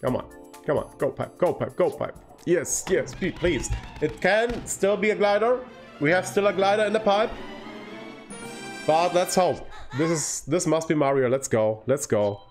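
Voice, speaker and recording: Excitable streamer guy, kinda high voice, quiet game music behind. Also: moderate pace. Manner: excitable, swings from groaning to cheering. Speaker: livestreamer. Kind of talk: live gameplay commentary.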